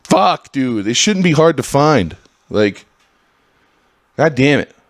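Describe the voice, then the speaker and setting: A man hosting a podcast in a casual, heated monologue, swearing freely and swinging between loud outbursts and low mutters. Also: big pitch swings, slow pace, dry recording. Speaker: podcast host.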